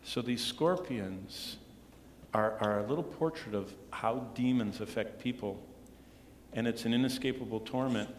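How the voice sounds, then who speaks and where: A male pastor delivers an earnest sermon in a big church sanctuary, his voice ringing with a long, roomy reverb. He swings between firm declarations and low, hushed emphasis, with a faint murmur of the room behind him. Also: slight background noise. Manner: earnest preaching, dropping to hushed tones for emphasis.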